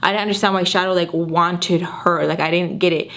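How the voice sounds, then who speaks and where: Young female vlogger, animated storytelling to camera, chatty with constant "like"s. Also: on the low side, fairly quick. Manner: animated retelling, full of filler "like"s. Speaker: YouTuber telling a story. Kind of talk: casual storytime vlog.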